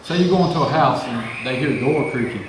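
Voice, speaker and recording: A man's voice: mid-range voice, fast talker, a crowd in the background. A man, a paranormal investigator, chatting offhandedly while showing his equipment. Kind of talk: casual equipment demo. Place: indoor room with equipment table. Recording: very echoey room with clear background noise.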